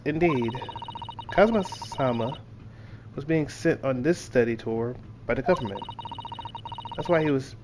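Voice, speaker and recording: A man's voice: medium pitch, noisy background, lightly acted. A man reading the lines of a polite young female assistant from a game in his plain voice. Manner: reads game text aloud in a plain voice. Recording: game music playing behind.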